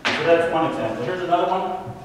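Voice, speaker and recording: A man's voice: on the high side, quick pace, background noise. A man giving a faith-based parenting talk, telling stories with acted quotes. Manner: animated storytelling with acted quotes. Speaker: parenting speaker. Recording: echoey hall from far off.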